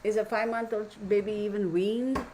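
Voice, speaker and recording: A neighbor's dog barks outside the open window as a Texas woman hosts her tarot channel from a room at home, chatting loosely and opinionatedly with viewers she calls y'all. Her medium-pitched voice keeps fairly even intonation at a moderate pace over a noisy background.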